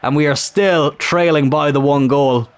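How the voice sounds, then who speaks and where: A man commentating his own football video game match in a casual, chatty way, getting excited at big chances. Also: on the high side, measured pace, smooth. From Ireland.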